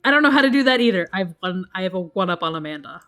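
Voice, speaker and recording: A woman streaming a video game, chatty, excitable and self-deprecating as she comments. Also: lowish voice, rapid-fire, faint music behind. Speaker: let's play streamer.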